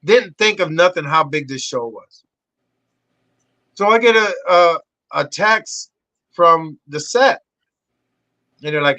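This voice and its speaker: A middle-aged man, a guest on a podcast, telling a story in a loose, profane way and jumping high in pitch when he acts out what people said. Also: takes it slowly, long pauses, no room sound, muffled recording. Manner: animated, profane, acts out quotes with big pitch jumps. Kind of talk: casual storytelling chat.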